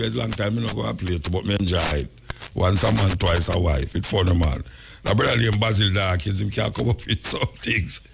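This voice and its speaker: A man's voice: mid-range voice, vocal fry, slight background noise. A Jamaican man hosting casual talk radio, rambling through anecdotes in patois and chuckling often. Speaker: radio talk show host.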